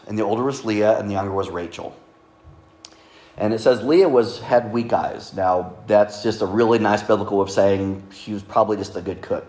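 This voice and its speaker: A man's voice: fairly low pitch, darkish tone. A man preaching a sermon at a microphone in a conversational way, with joking asides. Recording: echoey room.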